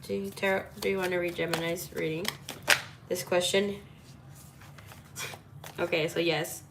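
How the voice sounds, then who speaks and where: A woman's voice: lowish voice, little pitch movement, unhurried, gravelly, noisy background. A woman giving a casual tarot reading, talking in a chatty, playful way, laughing often and swearing now and then. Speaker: tarot reader.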